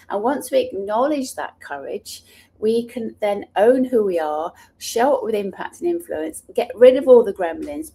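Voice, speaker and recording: A woman's voice: mid-range voice, creaky, warm tone, slightly rough. A middle-aged woman, an author and speaker, telling personal stories in an earnest, passionate way, sometimes restarting her sentences. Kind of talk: personal storytelling talk.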